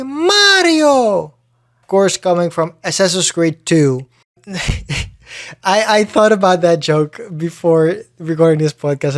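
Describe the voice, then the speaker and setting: A man's voice: fairly high pitch, no room sound, studio quality. A man hosting a solo podcast in casual chat, talking loosely with plenty of swearing and restarts. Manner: loose and profane, frequent restarts. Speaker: podcast host.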